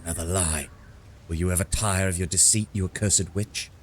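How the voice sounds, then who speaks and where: A man voicing a proud, cold male dark elf assassin in a fantasy game, reading his lines in a measured, contemptuous way. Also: deep voice, slight background noise, lightly acted. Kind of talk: reading game dialogue aloud.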